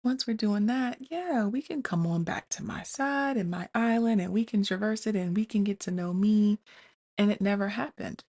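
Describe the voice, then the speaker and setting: A woman hosting a podcast, thinking out loud in a candid, confessional way and often restarting her sentences. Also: mid-range voice, normal speed. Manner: confessional, self-questioning, many restarts; addresses listeners as "y'all". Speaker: podcast host. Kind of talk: candid personal monologue.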